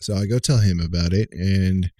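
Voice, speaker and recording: A podcast co-host with a low, mellow voice and fairly even intonation rambles through a long, profane story in casual chat, retelling his calls in the voices of the people he spoke with. He talks at normal speed, and there's no room sound.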